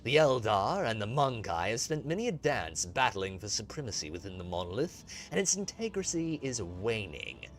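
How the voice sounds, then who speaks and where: A man playing a hushed, grave alien mystic. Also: sing-song, normal speed, few pauses, a little hiss or hum. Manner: low, hushed, grave delivery. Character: soft-spoken ancient alien male Harlequin mystic.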